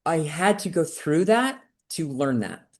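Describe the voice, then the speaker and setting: Animated woman telling a personal story. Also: a little slow. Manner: animated, acts out quoted voices with big pitch jumps. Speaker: podcast guest. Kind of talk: candid conversational storytelling.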